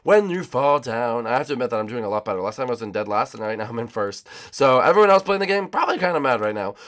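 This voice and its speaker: Excitable man with lively commentary. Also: mid-range voice, fast. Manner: excitable, rambling, talks to viewers while racing. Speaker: gaming channel host. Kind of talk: casual gameplay commentary.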